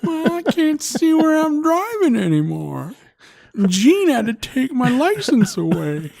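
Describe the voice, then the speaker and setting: A man voicing a grumpy retired old man in a high, slow, drawling voice. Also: wildly swooping pitch, vocal fry, a little mellow, full character voice. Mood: cranky.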